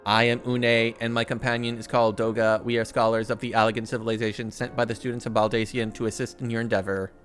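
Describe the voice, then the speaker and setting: A man reading aloud as a calm, formal young female scholar, in his own voice. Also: medium pitch, quick pace, few pauses, soft background music, lightly acted. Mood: reassuring.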